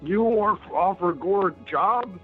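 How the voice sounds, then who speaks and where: Gorg: man doing a slow, high, broken-grammar brute for a tabletop game. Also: phone-quality sound, faint music behind. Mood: earnest. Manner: slow, broken caveman grammar, third-person speech. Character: dim-witted brutish male office hire.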